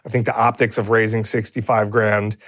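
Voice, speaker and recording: A man's voice: lowish voice, little pitch movement, a little fast, a bit bright. Man, podcast co-host, rambling casual talk, studio recording. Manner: rambling, frequent restarts and fillers.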